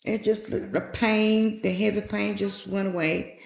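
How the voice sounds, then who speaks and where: A middle-aged woman, guest on a podcast interview, earnestly shares a heartfelt personal testimony. Her medium-pitched voice has vocal fry and fairly even intonation, and she speaks unhurriedly. The room sounds echoey.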